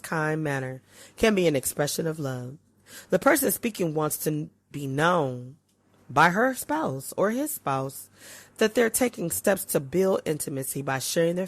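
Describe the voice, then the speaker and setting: Lively woman reading aloud, lower voice. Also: dry recording. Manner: expressive reading with wide swings in pitch and loudness. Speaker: podcast host. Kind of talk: reading aloud from a relationship book.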